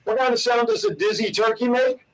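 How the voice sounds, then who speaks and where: A man's voice: very high-pitched, steady tone, fairly quick, recorded from a distance, slight background noise, poor audio. A man co-hosting a talk show, playfully telling corny holiday dad jokes and poking fun at himself. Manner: playful, self-mocking joke teller. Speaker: co-host.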